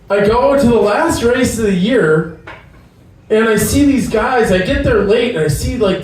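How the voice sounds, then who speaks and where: A man's voice: high voice, a little mellow. A man from Milwaukee telling a story live on stage, acting out the dialogue and laughing at his own punchlines. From Milwaukee, Wisconsin. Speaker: storyteller and emcee. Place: live event venue. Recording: echoey hall, voice far from mic.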